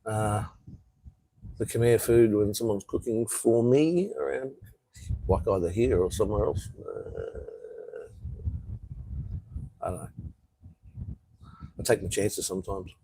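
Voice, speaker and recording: A man's voice: fairly low pitch, expressive, takes it slowly, creaky, long pauses, warm tone, slight background noise, rough recording. A man with an Australian accent, rambling in a laid-back way as he chats casually on a live stream from an outdoor patio. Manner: rambling, laid-back, reads out viewer comments. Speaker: vlogger.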